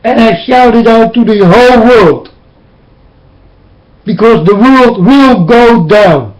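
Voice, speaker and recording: Slow, high-voiced man preaching warnings. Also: low-quality recording. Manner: intense, warning, repetitive preaching. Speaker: self-styled preacher. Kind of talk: webcam sermon. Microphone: webcam.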